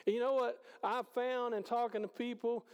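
Male preacher, high and gravelly, conversational sermon, long hall echo. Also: little pitch movement, normal speed. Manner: conversational preaching, swings between loud and hushed. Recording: hall reverb.

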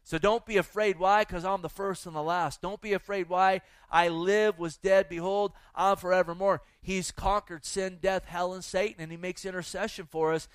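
A man's voice: high voice, fairly even intonation, moderate pace, hardly any pauses, smooth, dry recording. A male pastor preaching a fervent sermon to a church audience, exhorting the listeners and reading scripture. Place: church with a live and online audience.

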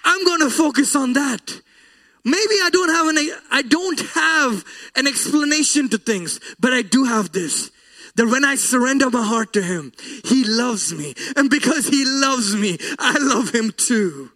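A man with a strikingly high voice delivers a sermon. He is earnest and emotional, and his voice often breaks with feeling as he weaves a personal story into the message. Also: expressive, measured pace, sharp tone. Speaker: preacher.

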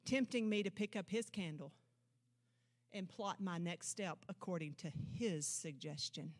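A woman pastor preaching a sermon with emphatic declarations and rhetorical questions, swinging from loud proclamations to low, intense asides. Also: unhurried. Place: church service.

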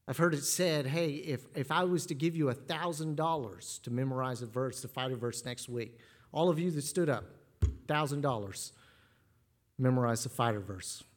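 A man's voice: medium pitch, moderate pace. A man preaching a sermon as pastor, earnest and given to repeating words as he starts a phrase.

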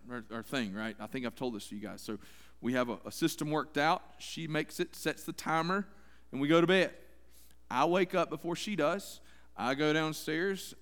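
A man's voice: on the high side, a bit bright, clean tone. A man preaching a sermon in a folksy, conversational way, talking straight to his congregation. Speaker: pastor. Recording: long hall reverb.

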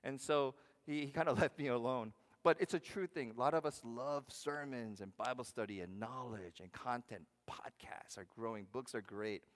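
Pastor guy preaching to his church, chatty, asks the crowd stuff, goes loud then real quiet, long echo in the hall. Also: medium pitch, normal speed, few pauses. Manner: conversational preaching, asks the congregation questions, swings from loud to hushed. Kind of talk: sermon.

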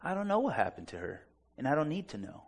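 A preacher telling an animated, self-deprecating story during a church service. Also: male voice, on the high side, fast talker, gravelly, slightly rough. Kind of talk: storytelling sermon.

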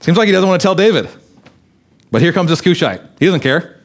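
A man's voice: high-pitched, animated, fairly quick. A man, a pastor, preaching a sermon and reading scripture aloud expressively, acting out the quoted lines.

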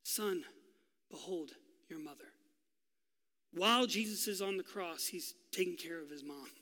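A male pastor preaching a sermon, telling a story with drama and dropping to a hush for key lines. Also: sits high, unhurried, big-room sound. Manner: dramatic storytelling, swinging from loud to hushed.

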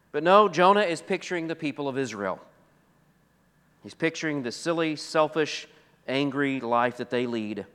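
A man's voice: medium pitch, smooth. Emphatic man preaching in an echoing hall. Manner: emphatic, swings from loud to soft. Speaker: pastor. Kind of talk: expository sermon. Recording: long hall reverb.

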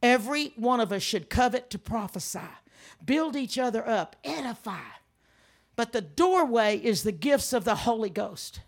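An older woman preaching a sermon, telling stories with animated emphasis and frequent laughs. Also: a little high, normal speed. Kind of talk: sermon with storytelling.

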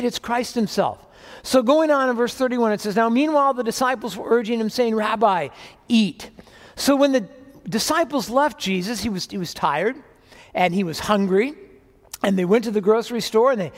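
An older pastor with a high-sitting voice preaches a sermon in a large hall. He keeps things chatty, poking fun at himself and tossing in joking asides.

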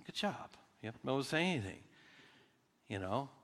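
This adult man with children preaches as a pastor in a reverberant hall, addressing his congregation in a conversational way full of restarts and rhetorical questions. His voice sits mid-range, fairly bright, at a moderate pace with wide swings in pitch.

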